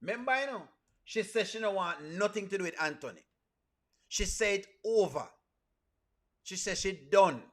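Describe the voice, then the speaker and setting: A man with a Jamaican accent giving lively live reaction commentary, mixing patois into his English. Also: sits high, moderate pace, long pauses. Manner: animated, mixes patois with standard English. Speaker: reaction streamer.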